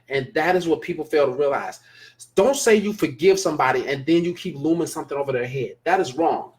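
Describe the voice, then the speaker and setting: Male live-show host, slightly higher voice, emphatic and repetitive, casual delivery. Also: fairly quick. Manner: emphatic, repeats phrases for stress. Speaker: live show host reading viewer comments. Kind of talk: casual live-stream talk.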